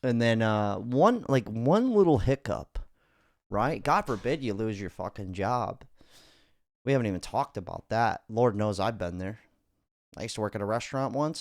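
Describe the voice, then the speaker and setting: Blunt, swearing man, lively pitch. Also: gravelly, dry recording, studio quality. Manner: blunt, profane, swings between loud and quiet. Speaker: podcast host. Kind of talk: casual podcast commentary.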